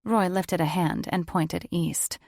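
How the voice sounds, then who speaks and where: A woman narrating an audiobook with steady, measured storytelling. Her voice sits a little low with a gravelly edge. The recording is dry and close to the mic. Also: dry recording.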